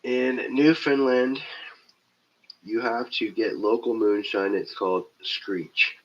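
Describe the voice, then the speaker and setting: Low-ish dude with a stuffed-up nose, loose and jokey on a stream, swears a bit, audio kinda dull. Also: male voice, fairly even intonation, measured pace, a bit bright, a little hiss or hum. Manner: loose, joking, swears freely. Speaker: livestream host. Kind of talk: casual live-stream chat reading viewer comments.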